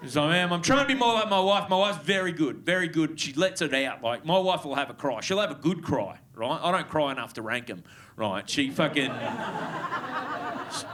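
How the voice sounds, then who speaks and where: A man's voice: on the high side, expressive, moderate pace, heavy background noise. A man in his thirties with an Australian accent, performing a stand-up comedy set in a chatty, sweary way with lots of tag questions. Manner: conversational, swears freely, frequent tag questions. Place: comedy club stage with live audience.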